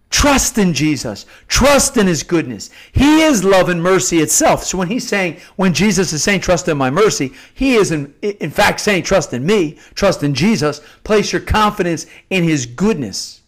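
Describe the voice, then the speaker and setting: Earnest, higher-voiced man preaching devotionally. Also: very animated, measured pace. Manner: earnest, repeats and restarts phrases for emphasis. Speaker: Catholic novena host. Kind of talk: spontaneous devotional teaching.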